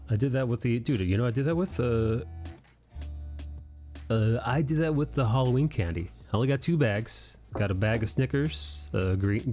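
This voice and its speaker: Low-voiced man chatting casually on a stream. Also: dark tone. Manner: rambling, profane, laid-back storytelling. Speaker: art livestream host. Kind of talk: casual chat.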